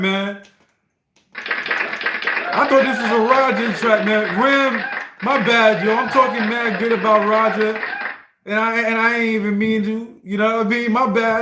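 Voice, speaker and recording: High-voiced man chatting on a livestream in a roomy space. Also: background noise. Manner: slangy, stammering, often asks "you know what I mean". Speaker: livestream host playing song requests. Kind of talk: casual livestream chat. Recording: roomy echo.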